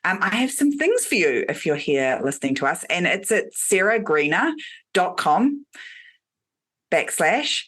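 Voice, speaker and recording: A woman's voice: lowish voice, very animated, normal speed, a bit bright. A woman with a New Zealand accent, a business coach guest talking in a chatty, friendly way. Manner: chatty, friendly, uses fillers. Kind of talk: casual podcast chat.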